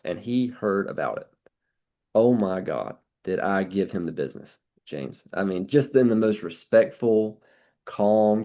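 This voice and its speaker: Folksy man, low mellow voice. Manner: folksy, blunt, with many restarts and quoted dialogue. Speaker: insurance sales agent sharing a story on a team call. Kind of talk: casual storytelling on a team call.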